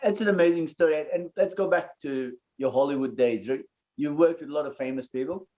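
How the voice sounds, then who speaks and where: A man's voice: fairly high pitch, fairly quick, warm tone. Guy hosting an interview, chatty, keeps restarting, muffled lo-fi sound. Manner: conversational, stumbling restarts. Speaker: host, aikido teacher. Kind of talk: casual interview. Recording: dull lo-fi audio.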